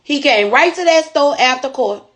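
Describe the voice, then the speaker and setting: High-voiced woman preaching purpose. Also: lively intonation, normal speed, fairly bright tone. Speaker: store owner and entrepreneur. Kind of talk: motivational testimony.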